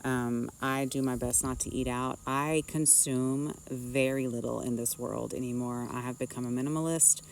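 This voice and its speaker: A woman's voice: rumbling low, steady tone, moderate pace, vocal fry, hardly any pauses, recorded from a distance, slight background noise, low-quality recording. A woman, a nurse, giving earnest, rambling spiritual advice in a casual vlog, recorded outdoors.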